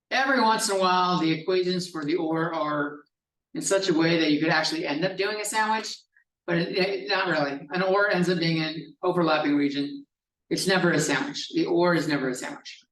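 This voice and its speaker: A man's voice: sits high, fairly bright tone. A male math professor giving a classroom lecture, explaining step by step in a casual style with some swearing. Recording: echoey classroom from a distance.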